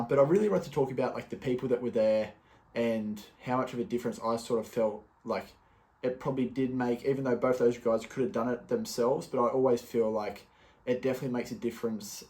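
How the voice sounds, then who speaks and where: A man's voice: mid-range voice, steady tone, brisk, darkish tone. A young man talking casually on his solo podcast, loose and chatty, with many fillers and restarts. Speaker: podcast host.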